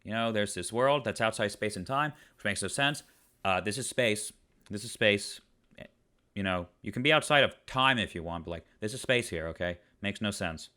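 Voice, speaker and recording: A man's voice: on the low side, animated, fairly quick, few pauses, sharp tone, clear, resonant tone. A man giving an exasperated review rant, firing off one rhetorical question after another. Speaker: online reviewer. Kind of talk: ranting episode review.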